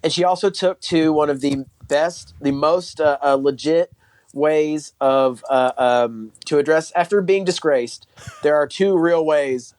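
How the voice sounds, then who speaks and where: Male co-host, slightly high voice, meandering and profane, full of halting restarts. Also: a little mellow, dry recording. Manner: rambling, halting, profane storytelling. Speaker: podcast co-host. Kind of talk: casual podcast chat.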